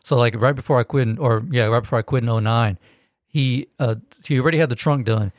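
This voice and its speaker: A man's voice: mid-range voice, fast, no room sound, clean studio sound. A man telling stories in casual chat, rambling and profane with many restarts.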